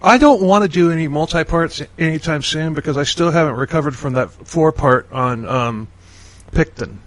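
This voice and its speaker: This man hosts a podcast and talks in a loose, casual way, often restarting his sentences, rambling, and laughing a lot. His voice is a little high, and the audio is dry and poor.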